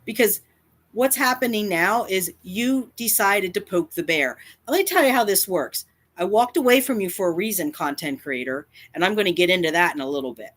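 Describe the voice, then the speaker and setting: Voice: medium pitch, animated, moderate pace, fairly bright tone. Defiant YouTuber ranting to camera. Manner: defiant, emphatic, repeats lines for effect. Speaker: cat advocacy YouTuber. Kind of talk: confrontational direct-to-camera rant.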